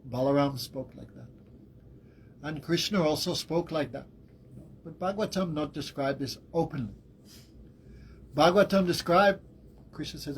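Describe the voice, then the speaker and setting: A man giving a devotional class as a spiritual teacher, telling the story in a lively way. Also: fairly high pitch, moderate pace, pauses often, slight background noise, low-quality recording. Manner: animated storytelling with laughs and acted quotes.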